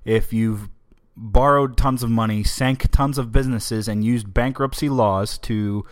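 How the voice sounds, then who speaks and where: A man's voice: medium pitch, fairly even intonation, unhurried. A man hosting a political podcast, giving opinionated, emphatic commentary in a conversational way. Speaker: podcast host.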